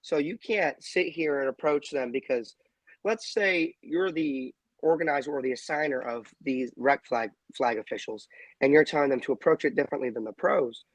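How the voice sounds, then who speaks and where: A man's voice: medium pitch, moderate pace, dry recording. A man co-hosting a podcast, making firm, emphatic points about officiating. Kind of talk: casual podcast discussion.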